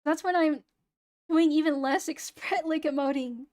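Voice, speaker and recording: A young woman streaming casually, talking in a flat, low-energy, near-monotone way, with a hoarse voice and a sound like she is close to crying. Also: measured pace. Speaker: VTuber streamer. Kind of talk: casual late-night stream chat.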